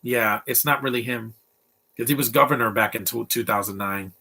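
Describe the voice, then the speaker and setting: Young guy, twenties, bright voice, off-the-cuff movie commentary, blunt and rambly. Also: medium pitch, moderate pace, creaky. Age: 20s. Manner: blunt, rambling, opinionated, many restarts. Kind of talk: casual live movie commentary.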